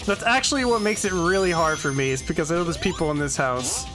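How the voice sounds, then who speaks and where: A woman's voice: on the low side, quick pace, music in the background. A woman streaming a video game, chatting casually with her viewers in a giggly, self-conscious way from her home. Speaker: vtuber streamer. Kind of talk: casual let's-play commentary. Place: home room.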